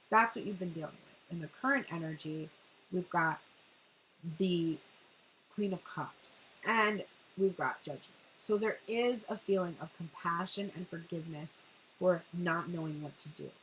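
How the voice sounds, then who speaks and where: A woman doing a casual tarot reading, talking in an animated way, swearing and laughing often. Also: fairly low pitch, slight background noise, rough recording. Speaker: tarot reader.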